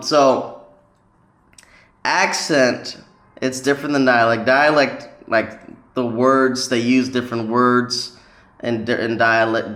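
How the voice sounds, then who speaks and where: A man's voice: mid-range voice, a bit bright. Rambling man with a roomy echo. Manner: rambling, many ums and restarts. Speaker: language learning vlogger. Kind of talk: casual talk to camera. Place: lives in a city in northern China.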